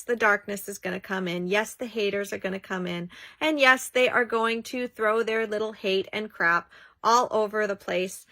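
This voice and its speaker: Woman vlogger, casual monologue, emphatic delivery, crisp bright tone. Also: mid-range voice, no room sound. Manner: emphatic, acts out quoted friends. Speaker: childbirth educator and coach. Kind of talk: casual talking-head monologue.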